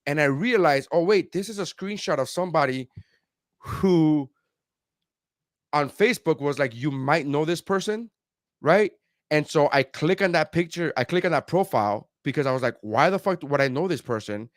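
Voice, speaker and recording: A man's voice: a little high, expressive, moderate pace, no echo, studio quality. A man co-hosting a podcast, telling a long profane story in casual chat with lots of quoted voices. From South Florida. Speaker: podcast co-host, comedian.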